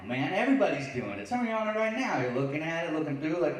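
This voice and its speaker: A man's voice: high-pitched, big pitch swings, quick pace. A man doing a stand-up comedy set in a lounge, sarcastic and acting out online voices. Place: lounge stage before a live audience. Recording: very echoey, far from the mic.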